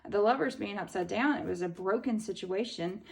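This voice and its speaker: A woman's voice: mid-range voice, brisk, gravelly. A woman in her thirties with a Southern US accent giving a casual tarot reading, blunt and chatty, swearing freely and using lots of fillers. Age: 30s. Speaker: tarot reader.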